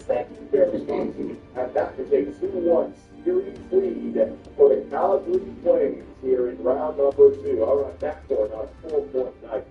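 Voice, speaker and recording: A man commentating a hockey video game play by play, swinging from calm calls to loud outbursts and cursing, from Canada. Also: medium pitch, normal speed, reverberant, recorded from a distance, narrow, tinny audio, faint music behind. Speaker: gaming commentator.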